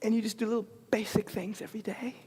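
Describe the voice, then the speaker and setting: Man preaching in a high ringing voice. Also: flat delivery, fast, husky. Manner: impassioned preaching, swinging from shouts to hushed murmurs; repetitive rhythmic cadence. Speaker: spiritual leader. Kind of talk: sermon. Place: large spiritual center sanctuary. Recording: long hall reverb.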